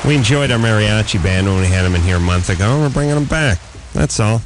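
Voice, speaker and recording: Animated man ranting through a comic story. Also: fairly low pitch, quick pace, background noise. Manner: animated ranting anecdote with shouted quoted outbursts. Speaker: host. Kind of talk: comic storytelling on a radio talk show. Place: radio studio. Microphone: studio microphone.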